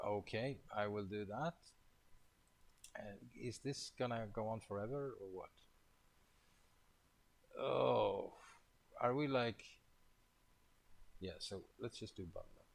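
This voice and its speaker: A man talks his way through a coding session, thinking aloud as he goes. His voice sits low and carries a gravelly fry. He drawls slowly, mutters half-finished remarks to himself and swears now and then. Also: rough recording. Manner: casual, mildly profane. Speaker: programmer leading a coding session.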